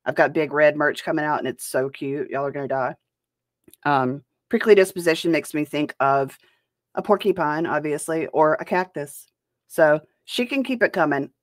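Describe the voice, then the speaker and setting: A woman's voice: low-pitched, moderate pace, no echo, studio quality. A woman hosting a reaction commentary show, talking in a blunt and profane way. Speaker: host.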